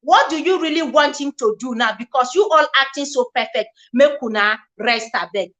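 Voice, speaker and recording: Nigerian lady doing a live gossip stream, bright sharp voice, slips into pidgin a lot. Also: sits high, normal speed. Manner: expressive, switches into Pidgin, reads viewer comments aloud. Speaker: live show host.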